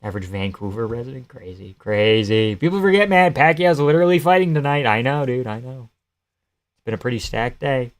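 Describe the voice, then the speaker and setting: A man's voice: medium pitch, fairly even intonation, fairly quick. Joking, foul-mouthed male streamer. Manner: joking, swears freely, reads and answers chat. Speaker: live streamer. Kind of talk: casual live-stream fight commentary.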